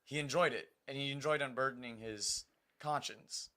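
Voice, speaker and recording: Brief: male podcaster, bright mid voice, argumentative and casual. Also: mid-range voice, normal speed. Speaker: podcast co-host. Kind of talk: casual chat.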